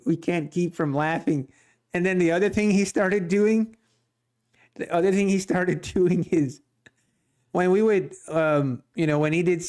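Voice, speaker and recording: Casual male streamer, a touch high-pitched, talks to chat between trades and laughs easily. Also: darkish tone. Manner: chatty, laughs often, addresses chat directly. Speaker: day trading livestream host. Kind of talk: casual livestream chat and market commentary.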